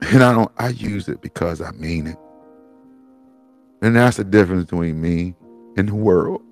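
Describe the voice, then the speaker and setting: A man's voice: low-pitched, normal speed, a little mellow, soft background music. A man crying while rambling through a profane personal monologue on his own show, breaking into laughs. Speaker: podcast host.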